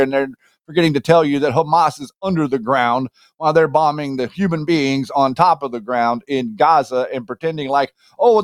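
A man co-hosts a casual political talk show and rants heatedly in long run-on sentences. His voice sits a little high. The recording is close and dry. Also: dry recording. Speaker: co-host.

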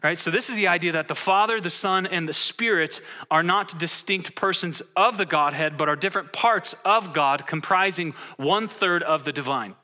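A man preaching with a very bright, forceful tone, drawing his congregation in with questions. His pitch sits a touch high for a man, and his delivery stays lively and interactive. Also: moderate pace, hardly any pauses. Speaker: pastor. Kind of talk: interactive sermon teaching.

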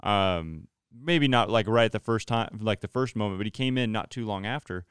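A man hosting a podcast interview, talking in a relaxed, casual way and agreeing often. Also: on the low side, normal speed, clean tone, no echo, studio quality. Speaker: podcast host.

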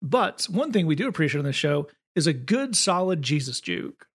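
Brief: wry Southern co-host with a gravelly, fast-running voice. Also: male voice, fairly high pitch, sing-song. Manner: quick, wry, with frequent restarts. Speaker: podcast co-host. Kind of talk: casual comedic chat.

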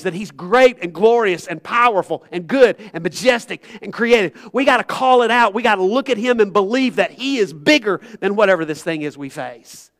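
Man, pastor, higher voice, earnest and conversational, talks right to the congregation. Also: a bit bright. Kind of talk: sermon. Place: church sanctuary.

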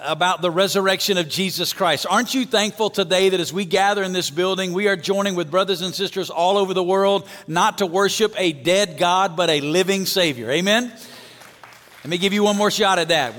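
A man from Alabama with a Southern accent delivers a sermon as a guest pastor. His voice sits high, and the church auditorium adds a long reverb tail. He preaches with energy and prompts the crowd to call back amen. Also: moderate pace. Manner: energetic, calls for amens and audience response.

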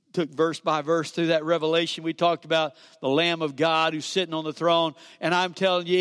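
A man preaching a sermon, calling for amens and dropping from loud to hushed. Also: high voice. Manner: preaching with call-and-response, dramatic swings from loud to hushed. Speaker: pastor. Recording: long reverb of a church hall.

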